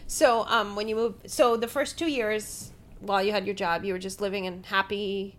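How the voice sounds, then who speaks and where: A woman's voice: mid-range voice, fairly even intonation, normal speed. A woman interviewing a friend in casual conversation, reacting and asking questions.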